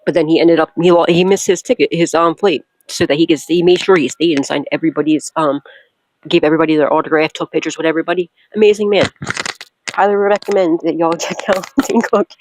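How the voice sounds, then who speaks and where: A woman's voice: deep voice, a little hiss or hum, rough recording. Laughing, swearing woman tarot reader. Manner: loud, laughs often, swears freely. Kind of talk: casual storytelling and tarot reading.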